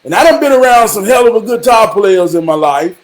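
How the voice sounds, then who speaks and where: A man's voice: high voice, lively intonation, a little fast. A man casually telling a story to his viewers in a rambling, repetitive and profane way, slipping into preachy advice. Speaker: vlogger.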